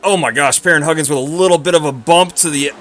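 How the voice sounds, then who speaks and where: A man giving live commentary on a sim racing broadcast, excitable and quick to exclaim at close racing. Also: fairly high pitch, slight background noise.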